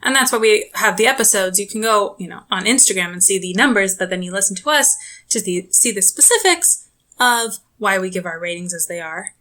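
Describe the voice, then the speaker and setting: A woman co-hosting a casual book podcast, explaining things in a brisk, plain way. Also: mid-range voice, expressive, pushed and bright. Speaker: podcast co-host. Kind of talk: casual book review chat.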